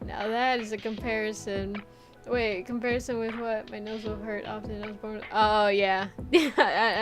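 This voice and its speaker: A young woman streamer chatting casually with viewers, rambling with lots of filler words, swearing and laughing often. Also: mid-range voice. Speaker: VTuber streamer. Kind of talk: casual chat reading viewer comments.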